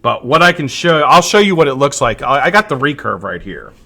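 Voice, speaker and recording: A man's voice: medium pitch, big pitch swings, fairly quick, creaky, sharp tone. A man hosting a casual live stream, rambling and joking, greeting viewers by name and swearing now and then.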